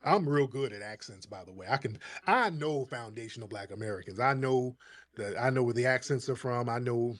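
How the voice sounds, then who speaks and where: A man's voice: mid-range voice, lively intonation, a little fast, no echo. A man hosts a heated live-stream show, talking in a middle voice that keeps landing in a mocking, insistent tone. He repeats himself to press his point. The sound is dry and close, with no room around it. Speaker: show host.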